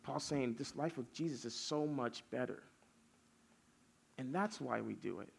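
This youth pastor's mid-range voice is gravelly and slightly rough, and he talks a little slowly. He preaches to young people in a casual, story-driven way, using many fillers.

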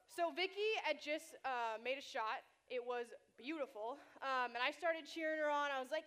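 High-voiced young woman preaching energetically. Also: normal speed, hardly any pauses. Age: young adult. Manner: energetic, chatty, playful storytelling. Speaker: youth ministry leader. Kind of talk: youth sermon to middle schoolers. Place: church youth gathering.

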